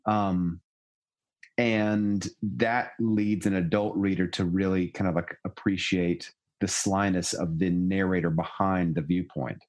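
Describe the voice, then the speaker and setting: A man with a somewhat low voice takes part in an easygoing book chat. He lays out his ideas patiently and with care. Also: steady tone, unhurried, darkish tone. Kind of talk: casual literary discussion.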